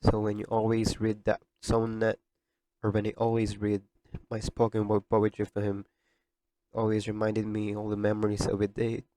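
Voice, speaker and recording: Podcast host, young man, low register, tearful sincerity, dry close mic. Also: monotone, normal speed, warm tone, dry recording. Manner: emotional, tearful, earnest. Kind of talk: heartfelt podcast monologue.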